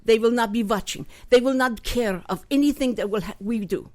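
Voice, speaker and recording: A smug, scheming male leader boasting to his generals, as a woman puts him on. The voice sits a bit high and swings lively between lines, recorded dry and close. It is a broad comic impression on talk radio. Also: normal speed, no echo. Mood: boastful.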